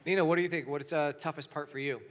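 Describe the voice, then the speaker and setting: A man moderating a panel, asking questions in a halting, hesitant way. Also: fairly high pitch, fairly even intonation. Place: large convention hall. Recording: distant voice in an echoey hall.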